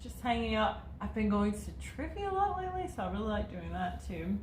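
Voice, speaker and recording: A woman's voice: mid-range voice, big pitch swings, brisk, a little hiss or hum. Chatty, laughing young woman in an echoey room. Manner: chatty and rambling, laughs often, many fillers. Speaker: co-host reading viewer questions. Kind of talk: casual chat.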